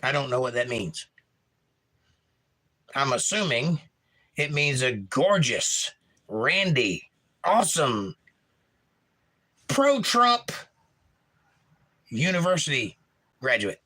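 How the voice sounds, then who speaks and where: A man's voice: medium pitch, expressive, slow, long pauses, sharp tone. A man hosting a livestream in a casual way, reading viewers' chat messages aloud and adding wry asides. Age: young adult.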